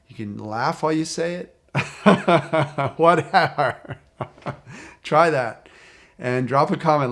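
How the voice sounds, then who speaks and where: A man speaking as a recovery coach, talking straight to the viewer in a calm, repetitive, encouraging way. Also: mid-range voice. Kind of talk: direct-to-camera coaching talk.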